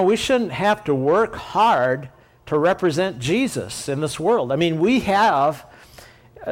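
A man delivers a sermon-style Bible teaching, his voice sitting a little high for a man. He explains patiently and thinks aloud, circling back to rephrase his points.

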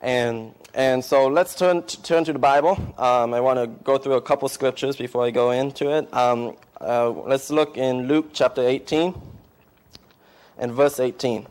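Halting man giving a church testimony. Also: medium pitch, clean tone. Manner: halting, many fillers and restarts, emotional. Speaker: missionary. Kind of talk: testimony and sermon to a congregation. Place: church service.

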